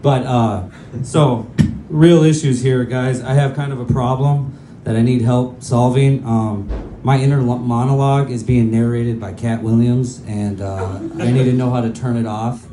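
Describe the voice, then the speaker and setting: A man's voice: medium pitch, steady tone, moderate pace, few pauses, dark tone, a little hiss or hum. A male stand-up comedian telling crude, self-mocking stories in a loose, rambling way on a comedy club stage. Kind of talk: stand-up set. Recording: roomy club with faint ambience.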